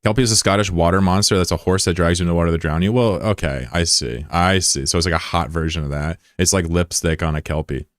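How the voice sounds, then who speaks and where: A man's voice: low-pitched, fast, hardly any pauses, no room sound, clean studio sound. A man streaming live in casual chat, joking and swearing as he reads out viewer comments. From United States. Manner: joking, profane, rambling asides.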